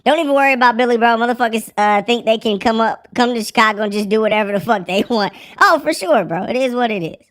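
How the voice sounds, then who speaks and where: A young man hosting a live sports podcast through a squeaky pitch-shift voice changer, joking and swearing in slang. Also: fast talker, fairly bright tone. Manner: joking, profane slang, mock breaking-news delivery. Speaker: podcast host.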